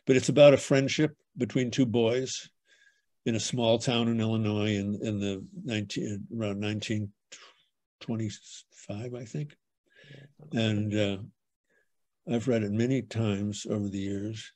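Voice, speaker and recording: A man's voice: lowish voice, steady tone, unhurried, darkish tone. An older man hosting a book club over a video call, talking in a rambling, storytelling way full of restarts. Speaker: book club host and bookseller. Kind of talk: casual book club chat.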